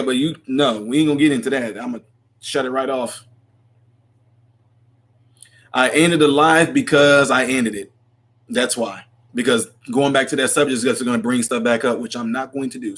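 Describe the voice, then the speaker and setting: A man's voice: mid-range voice, brisk. A man hosting a casual livestream, chatting and answering viewer comments in a rambling way, laughing often. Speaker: livestream host. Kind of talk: casual live chat reading comments.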